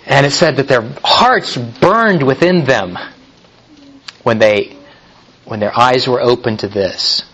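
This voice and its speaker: Slow, deliberate male preacher. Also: mid-range voice, expressive, fairly bright tone, low-quality recording. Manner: deliberate, emphatic delivery with repeated restarts. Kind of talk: sermon.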